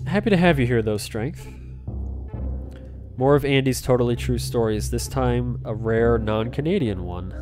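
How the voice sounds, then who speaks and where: A man's voice: mid-range voice, lively intonation, moderate pace, darkish tone. A man streaming a retro game, chatting casually, reading out chat messages and spinning silly made-up stories. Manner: rambling, joking, tells tall tales, reads chat aloud. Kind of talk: casual livestream chat while playing. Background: game music.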